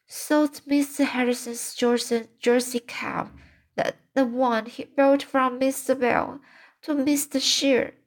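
A woman's voice: sits high, steady tone, takes it slowly, pitched above the performer's own voice. A woman doing a fretful impulsive young girl. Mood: distressed.

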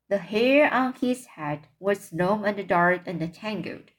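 A woman reading a children's book aloud, with small stumbles and self-corrections. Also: mid-range voice. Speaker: reader.

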